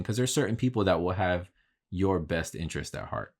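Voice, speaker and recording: A man with a low voice talks briskly and with lots of energy in a casual vlog monologue. He's candid and profane, swearing freely as he tells stories about his work.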